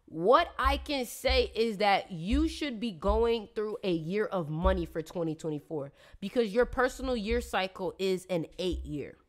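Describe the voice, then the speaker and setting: A woman's voice: medium pitch, lively intonation, a little slow, hardly any pauses. A woman on a casual live stream, reading viewers' astrology in a chatty, playful, slangy way and teasing her audience.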